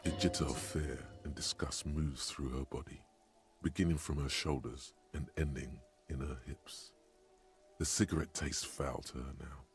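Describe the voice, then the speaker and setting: Grave game narrator, very deep voice, measured, deliberate, scripted. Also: male voice, steady tone, faint music behind. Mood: ominous. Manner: slow, measured, deliberate delivery. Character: grave male narrator voice of a detective's inner senses.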